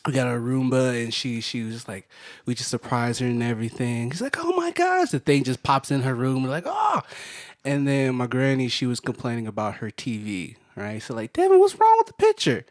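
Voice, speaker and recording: A man co-hosting a podcast, rambling excitedly and mimicking his family in high voices. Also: a little fast. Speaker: podcast co-host. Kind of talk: casual chat, storytelling.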